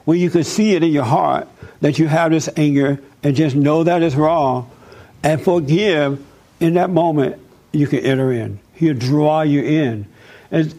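A man's voice: fairly high pitch, mellow. A man preaching and answering audience questions, stressing points by repeating words over and over. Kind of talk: sermon-style Q&A answers.

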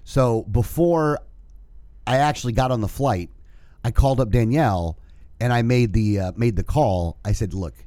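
A man's voice: medium pitch, moderate pace, dark tone, dry recording. A man telling a long profane rant about air travel in casual podcast chat. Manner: profane ranting storyteller. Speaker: podcast co-host.

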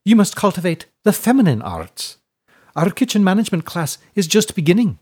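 A plump, cheerful old widow, as a male storyteller puts her on, gushing with rolled R's and a lively, swooping voice. She pitches high and speaks loud and eager. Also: a little fast, breathy edge, exaggerated voice. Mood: bossy cheerful.

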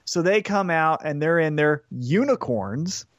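Man, podcast co-host, casual storytelling, slightly high voice, dry close sound. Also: unhurried, no room sound, highs cut off. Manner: animated storyteller, acts out quotes in put-on voices. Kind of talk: casual chat recapping wrestling.

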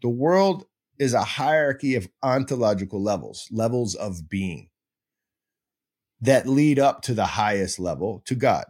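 A man's voice: on the low side, expressive, measured pace, a little mellow, breathy edge. A man hosting a podcast, teaching in a casual, digressive and self-mocking way, breaking into goofy sound effects. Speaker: podcast host.

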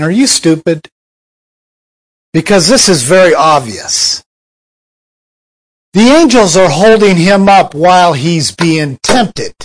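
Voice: mid-range voice, rough recording. A preacher giving a sermon in a conversational way, asking many rhetorical questions.

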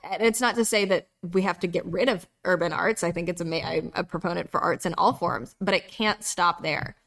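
A woman's voice: lowish voice, a little fast, creaky, fairly bright tone. A woman from North Carolina talking in a casual podcast conversation, earnest and reflective, often repeating her phrases. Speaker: podcast speaker.

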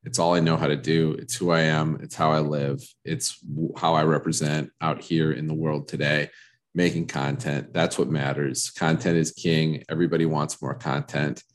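A man hosting a casual solo podcast, rambling in self-mocking repetitive riffs, a bit congested and froggy from allergies. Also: rumbling low. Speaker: podcast host. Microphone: studio microphone.

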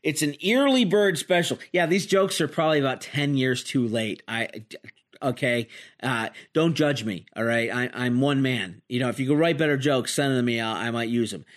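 A man's voice: mid-range voice, moderate pace. A man in his forties hosting a podcast, giving a rambling, self-deprecating comedic monologue. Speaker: podcast host.

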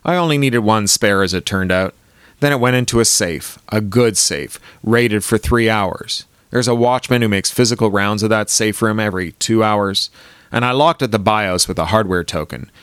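A man's voice: fairly low pitch, moderate pace, a bit bright, clean tone, no room sound, close to an everyday voice. A man voicing a wry, paranoid middle-aged tech founder in an audiobook reading.

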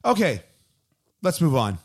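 A man's voice: a little high, big pitch swings, measured pace. A man co-hosting a podcast in casual chat, talking in a wry, analytical way with dry jokes. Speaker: podcast co-host.

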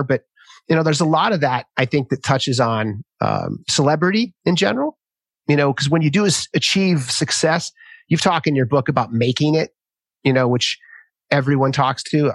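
A man in his fifties hosting a conversational interview, an animated storyteller. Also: medium pitch, moderate pace, no room sound. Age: 50s. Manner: lively storyteller who acts out quotes in raised voices. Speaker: podcast host.

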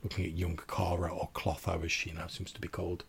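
Husky deep-voiced man narrating a game. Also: flat delivery. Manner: plain, halting narration. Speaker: game master.

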